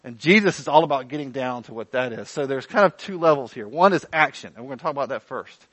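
A man preaching a sermon in an animated, conversational way with playful asides. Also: medium pitch, fast, no room sound, poor audio. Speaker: pastor.

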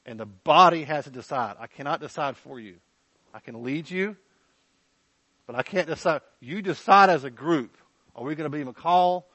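A man's voice: mid-range voice, a bit bright, dry recording, poor audio. A man preaching as pastor, candid and conversational, often checking in with his listeners. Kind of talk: sermon.

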